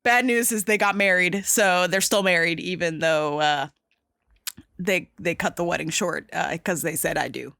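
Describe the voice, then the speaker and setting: A young woman hosting a podcast, casually and excitedly retelling a movie scene with lots of swearing and fillers. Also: fairly low pitch, normal speed, creaky, dry recording, studio quality. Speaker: podcast host.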